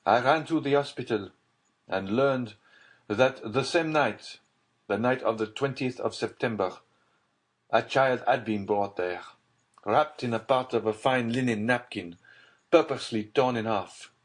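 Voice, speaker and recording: Voicing a desperate nobleman of middle age in an audiobook, a man speaks unhurriedly at a medium pitch set above his usual one, sounding natural. His manner is urgent and tense, heavy with gravity.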